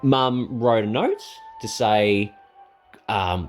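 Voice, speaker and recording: A man's voice: lowish voice, normal speed, soft background music. A young man, rambling through a casual personal story with many ums and restarts.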